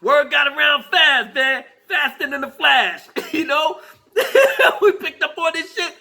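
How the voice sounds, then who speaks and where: High, bright-voiced ranting male vlogger. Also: slow, creaky. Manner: animated, profane, laughing. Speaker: vlogger host. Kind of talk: casual rant.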